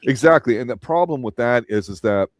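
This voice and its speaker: A man's voice: medium pitch, animated, a little fast, no echo, clean studio sound. A man from Florida co-hosting a casual TV review chat, blunt and opinionated, with casual swearing. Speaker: co-host reviewing a TV show.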